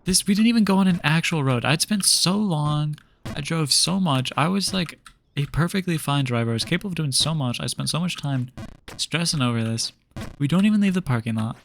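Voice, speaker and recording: A man's voice: fairly high pitch, a little hiss or hum. A young man streaming a game, telling a long story in a rambling, exasperated way full of fillers. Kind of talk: casual storytelling while gaming.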